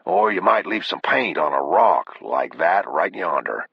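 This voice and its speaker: A man voicing a weathered older Texas sheriff with a slow, laconic drawl, calm and grim, in an audiobook reading. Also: low-pitched, creaky, slightly rough, dry recording, full character voice. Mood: matter-of-fact. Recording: dull, dry lo-fi audio.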